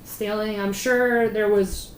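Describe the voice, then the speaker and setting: A woman chatting casually as a podcast co-host, telling local history in an animated, rambling way. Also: mid-range voice, slow. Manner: chatty, animated storyteller with fillers. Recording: roomy with faint noise.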